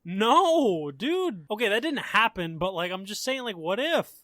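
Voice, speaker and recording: A man's voice: sits high, sing-song, measured pace, pushed and bright, no echo, studio quality. A man co-hosting a podcast, laid-back and joking in casual slangy chat. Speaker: podcast co-host.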